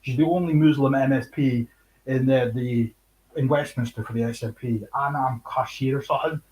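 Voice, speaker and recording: A man's voice: mid-range voice, fairly even intonation, moderate pace, a little mellow, rough recording. Young Scottish man, livestream host; casual, cutting, sweary delivery with bursts of laughter. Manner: sweary, scornful, laughs between points. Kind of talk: casual chat.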